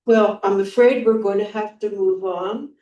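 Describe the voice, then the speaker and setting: A woman introducing speakers at an awards ceremony, in a measured way with pauses. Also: medium pitch, fairly even intonation, warm tone, highs cut off. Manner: measured, with hesitations. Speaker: event host. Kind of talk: formal introduction at an awards event. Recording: roomy hall sound from far off.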